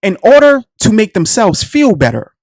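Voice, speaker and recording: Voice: mid-range voice, very animated, moderate pace, a little mellow, no room sound, studio quality. A radio show host delivering a heated solo commentary, preaching to listeners he calls family, repeating phrases and firing rhetorical questions.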